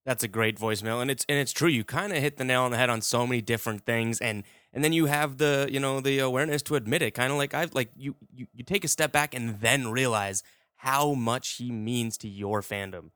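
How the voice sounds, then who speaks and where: A man's voice: medium pitch, brisk, a bit bright, clean tone, no echo, clean studio sound. A man hosting a podcast, talking in a rambling, heartfelt way with many fillers. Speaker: podcast host. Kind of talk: casual podcast monologue.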